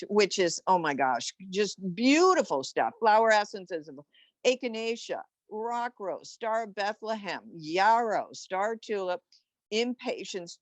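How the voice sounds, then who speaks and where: A woman in casual podcast chat, enthusiastic and rambling, breaking off into excited exclamations and asides. Her voice sits at a middle pitch for a woman. The sound is close and dry, with no room echo. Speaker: animal flower essence practitioner.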